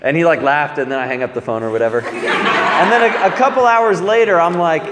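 A man preaching, telling a lively story about pranking a friend and acting out both sides of the calls. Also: fairly high pitch, normal speed, very noisy. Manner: animated, laughing storyteller acting out a phone prank. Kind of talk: sermon storytelling. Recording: echoey hall with a crowd.

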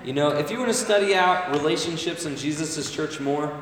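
Preacher, male, slightly high voice, chatty sermon full of "right?", long echo. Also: a little fast, fairly bright tone, slight background noise. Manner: conversational, asks the crowd "right?" often. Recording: echoey hall, voice from far off. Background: congregation calling back.

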